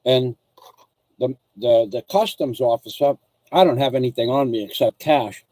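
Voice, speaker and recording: A man on a casual livestream, wandering through a long story in a mid-pitched voice that sits close and dry on the mic. He trips over his own sentences, doubles back on details and slips in asides to his viewers as he goes. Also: normal speed, dark tone, dry recording, low-quality recording. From United States. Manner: rambling storyteller, restarts and asides. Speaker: vlogger.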